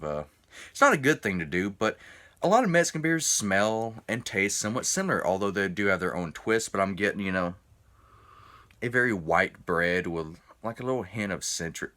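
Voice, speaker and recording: Here a deep, sharp-toned male voice reviews beer in a casual video, slightly tipsy after several drinks. He's chatty and rambling, cutting himself off mid-thought.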